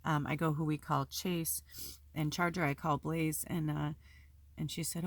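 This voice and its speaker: A woman with a low, deep-set voice talks candidly to her viewers, rambling and emotional, with frequent fillers and the odd swear word. The sound is dry and close, with no room around it. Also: steady tone, normal speed, no echo. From Pacific Northwest United States. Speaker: spiritual video host. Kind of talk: casual personal vlog talk. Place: at home.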